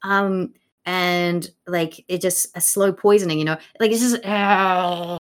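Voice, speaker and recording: A woman's voice: lowish voice, a little slow. A woman co-hosting a podcast, rambling casually about a play with lots of fillers and jokey character voices. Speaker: podcast co-host. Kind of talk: casual literary discussion.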